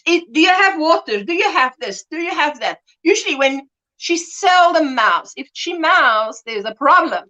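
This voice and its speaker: Greeting viewers on her casual livestream, a middle-aged host laughs a lot, wanders from topic to topic, and acts out small scenes. She speaks at normal speed in an expressive, high voice with a bright edge that swoops around. The sound is lo-fi.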